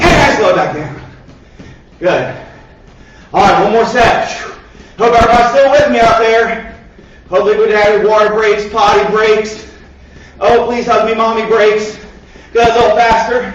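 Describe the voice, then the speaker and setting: A martial arts instructor with a high-pitched, fairly even voice coaches kids through a home PE class, speaking briskly with frequent pauses. He counts down reps and cheers them on while exercising himself, and the lo-fi recording sounds echoey, distant and dull.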